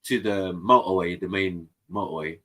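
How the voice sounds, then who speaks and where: A man's voice: low voice, normal speed, crowd noise. A man from England, telling stories in casual chat and acting out the voices of people in them. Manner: animated, acts out voices in his stories. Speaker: guest on a panel stream.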